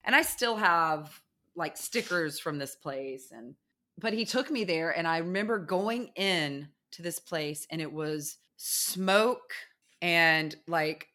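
A woman chatting casually and telling a story in an animated way, acting out the people and sounds in it. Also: sits low, slow pace.

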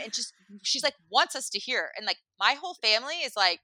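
A woman casually telling a comic story in an animated, rambling way, full of "like" and acted-out quotes. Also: a little high, brisk, hardly any pauses, dry recording.

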